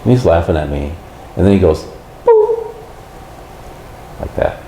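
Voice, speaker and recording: Man guest, very low voice, animated storyteller; roomy echo. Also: fast, slight background noise. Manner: animated storyteller who acts out quotes. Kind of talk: casual storytelling.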